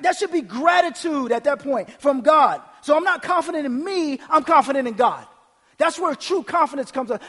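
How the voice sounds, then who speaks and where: A man's voice: very high-pitched, in a large hall. A man preaching a sermon, reading scripture aloud and asking his listeners rhetorical questions with emphasis. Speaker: pastor.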